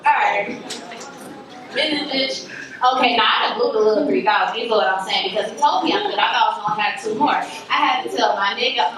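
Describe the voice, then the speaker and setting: Woman, storytime chat, profane, blunt, laughing, echoey room, distant mic. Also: fairly high pitch.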